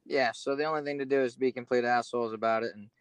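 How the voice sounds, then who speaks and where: A man with an ordinary middle-pitched voice needles his co-host with sarcastic pushback. His delivery is dry and teasing. The sound is close and dead, with no echo. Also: steady tone, fast talker, smooth. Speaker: podcast co-host. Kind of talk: casual chat.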